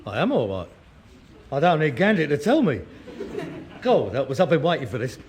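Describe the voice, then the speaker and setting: A man's voice: a little high, sing-song, normal speed, a little mellow, slight background noise. An actor playing a sardonic grown son who mocks his father, in a broadcast sitcom. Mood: sarcastic. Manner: sarcastic, mocking, scornful.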